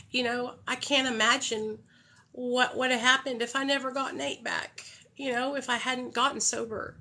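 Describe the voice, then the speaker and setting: A woman's voice: high voice, fairly even intonation, moderate pace, sharp tone. A young woman hosting a phone livestream, talking in a heartfelt, candid way and swearing freely. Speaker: livestream host. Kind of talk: casual livestream talk.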